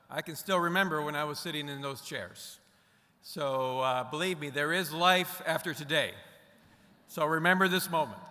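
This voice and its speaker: Bright-voiced man giving a commencement speech. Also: fairly high pitch, in a large hall. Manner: earnest, emphatic, repeats key phrases. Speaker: commencement guest speaker.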